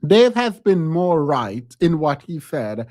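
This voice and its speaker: A man's voice: a little high, sing-song, slow pace, a little mellow, no echo, clean studio sound. A man hosting a live stream, telling a story in a casual chat and laughing often. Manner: laughs often, talks animatedly.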